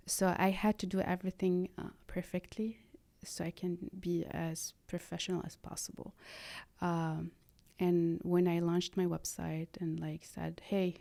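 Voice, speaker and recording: A woman, speaking earnestly and haltingly as a podcast guest, slipping in phrases. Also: lowish voice, little pitch movement, creaky, warm tone. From Lebanon. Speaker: guest, art therapy practitioner. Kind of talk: conversational podcast interview.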